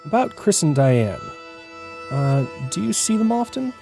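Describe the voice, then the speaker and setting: A man's voice: high-pitched, very animated, unhurried, creaky, music in the background, full character voice. A man voicing a polite, inquisitive young male detective in a game. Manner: questioning, polite.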